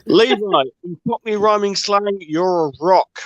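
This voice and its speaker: A man's voice: high-pitched, measured pace, no room sound. A man chatting dryly on a call, stumbling over his words a bit. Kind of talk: casual chat on a call. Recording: lo-fi call audio.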